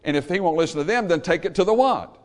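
A man delivering a Baptist sermon with a fairly high voice that rises and falls all over the place. He drives each point home loudly, then lets line endings sink low and quiet, and he calls out for amens from the congregation. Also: lively intonation, quick pace. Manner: emphatic preaching, rising to loud peaks then dropping low. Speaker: Baptist pastor.

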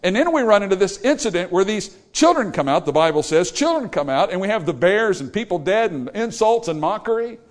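A man's voice: high voice, fairly quick, hardly any pauses. A man preaching a sermon, storytelling and acting out the people he quotes. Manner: animated, acts out quoted voices.

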